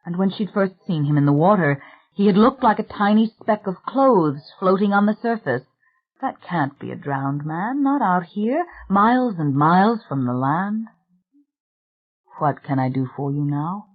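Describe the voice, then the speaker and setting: A narrator reads a suspense novel in a measured, even manner, the voice pitched mid-range. The recording is thin and tinny, close to a phone line. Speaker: audiobook narrator. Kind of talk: scripted narration.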